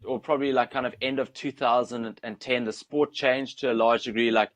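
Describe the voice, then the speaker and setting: A man's voice: mid-range voice, fairly even intonation, a little fast. A young South African man with a South African accent, telling stories in a rambling, laid-back way as a guest on an interview show. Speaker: guest, ultra trail runner. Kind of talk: casual interview storytelling.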